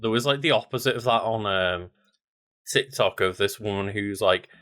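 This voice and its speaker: Low-voiced man rambling casually. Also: moderate pace. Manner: relaxed, rambling, many fillers. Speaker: podcast co-host. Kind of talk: casual chat.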